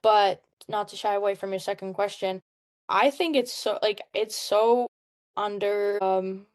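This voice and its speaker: A woman's voice: medium pitch, a little slow. A young woman in her twenties, a Czech-born hockey player, chatting casually as an interview guest with many "like"s. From Czech Republic. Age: 20s. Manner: chatty, lots of "like", upbeat.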